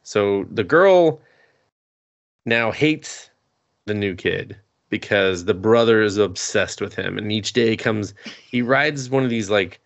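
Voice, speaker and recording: A man's voice: on the low side, animated, takes it slowly, gravelly. A man casually recapping an anime on a podcast, rambling and laughing, acting out the characters' lines with plenty of swearing. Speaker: podcast co-host.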